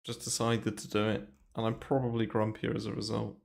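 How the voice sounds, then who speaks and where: A crypto trading streamer rambles through casual market commentary on a livestream, with lots of fillers and offhand swearing. His voice sits on the low side, creaky and darkish, delivered in a brisk monotone. He speaks into a desk mic pulled close to his mouth in a small, bare room.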